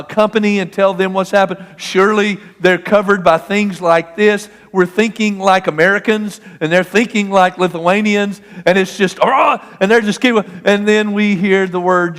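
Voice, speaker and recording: A man preaching a sermon, telling a personal story with animation and acting out the shouting. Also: high-pitched. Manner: storytelling, animated, acts out the argument. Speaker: pastor. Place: church sanctuary. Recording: long hall reverb.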